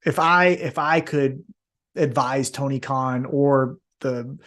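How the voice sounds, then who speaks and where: Man, podcast co-host, casual chat, animated, swears a lot, jumps into put-on voices, mid-pitched. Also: takes it slowly. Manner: animated, swearing, acts out wrestlers in jumpy voices.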